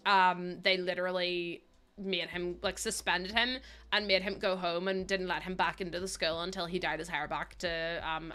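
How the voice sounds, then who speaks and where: A young woman from Northern Ireland, a streamer with a mid-range voice and a sharp tone, chats casually with her livestream viewers as she builds in a game. She laughs often and swears freely.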